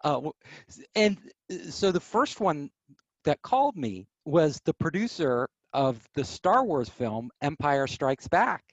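A man telling stories as an interview guest, animated, acting out quoted voices. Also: fairly high pitch, a little slow, no echo, lo-fi sound. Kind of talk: casual storytelling.

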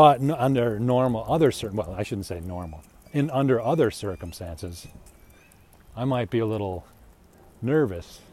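A man's voice: mid-range voice, darkish tone. A middle-aged man casually telling a rambling, self-deprecating personal anecdote, chuckling between lines. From United States. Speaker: storyteller.

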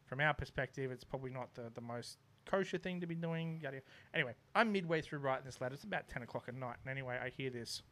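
A man's voice: medium pitch, fast, few pauses, fairly bright tone, a little hiss or hum. A young man, telling a funny story in casual chat and acting out his neighbours with laughs. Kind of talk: casual anecdote.

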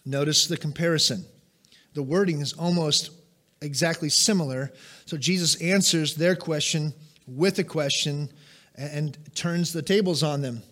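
A man's voice: a little high, normal speed, a bit bright. A middle-aged man preaching a sermon, emphatic and asking the congregation questions. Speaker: pastor.

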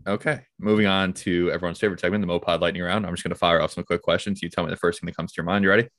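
A man hosts a casual podcast in a very low, deep voice. He keeps things playful, leading segments and quick question rounds. The recording is dry and close-miked. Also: steady tone, fairly bright tone, no echo. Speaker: podcast host.

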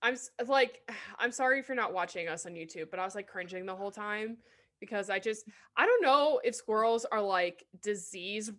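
A woman's voice: mid-range voice, animated, normal speed, a bit bright. A woman co-hosting a casual podcast chat, playful and jokey, swearing freely. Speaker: podcast co-host.

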